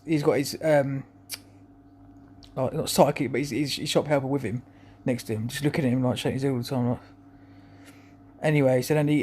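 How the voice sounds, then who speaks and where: A man's voice: medium pitch, darkish tone, slight background noise. A man talking to camera in a rambling, chuckling monologue full of restarts. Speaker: vlogger.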